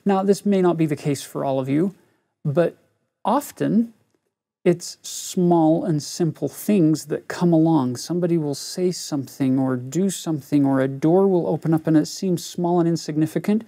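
Man with a gravelly, husky voice. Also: fairly high pitch, dark tone. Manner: earnest storytelling, addresses listeners directly. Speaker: religion teacher. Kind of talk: scripture lesson with personal story.

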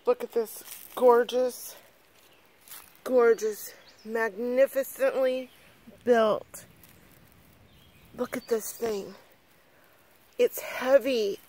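A middle-aged woman films herself outdoors on her phone, her voice a touch high and her delivery slow and drawn out. She gushes breathlessly, swearing freely. Faint outdoor sounds sit behind her. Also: steady tone, mellow. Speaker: vlogger. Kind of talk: excited casual vlog. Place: outdoors in a yard. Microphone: handheld phone camera.

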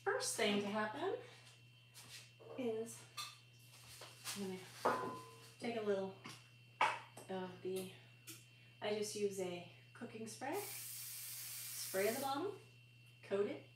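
A woman's voice: mid-range voice, animated, slow, long pauses. A woman hosting a live cooking stream from her home kitchen, chatting her way through each step and laughing off small slips. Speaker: livestream cooking host. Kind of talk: casual live cooking chat. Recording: echoey room, far from the mic, audible noise.

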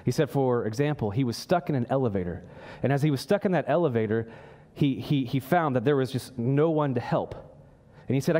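A man's voice: lively intonation, a little fast, dark tone. A pastor preaching a sermon in a church, earnest, with his voice rising when he acts out a prayer. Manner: earnest, voice lifts high when acting out prayers.

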